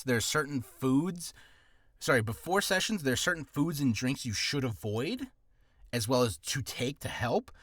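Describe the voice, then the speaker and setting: A man's voice: medium pitch, fairly bright tone, no room sound. A man talking through voice-care tips in a loose, rambling, jokey way, restarting his sentences as he goes. His throat sounds a little dry and ticklish, and the dry, close recording has no room sound. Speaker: voice actor giving advice. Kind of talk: casual spoken video lesson.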